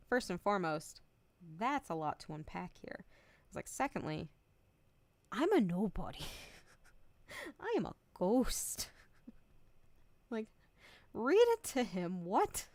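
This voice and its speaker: A woman's voice: medium pitch, sing-song, slow, long pauses, a little mellow, no echo. A woman in her twenties chatting candidly on a stream. She swears freely, laughs often and acts out both sides of the conversations she retells. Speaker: VTuber streamer. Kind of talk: casual chat stream.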